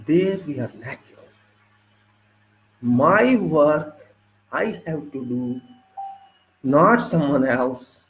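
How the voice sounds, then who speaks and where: A man with an Indian accent giving an unscripted engineering lecture, forceful and indignant, pressing his points with sharp rhetorical questions. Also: on the high side, animated, drawn-out words, long pauses, roomy sound, rough recording. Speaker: civil engineering instructor.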